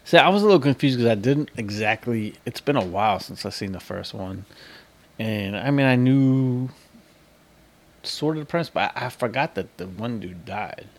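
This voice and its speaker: A man co-hosting a podcast in laid-back, halting casual chat. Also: mid-range voice, animated. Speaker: podcast co-host.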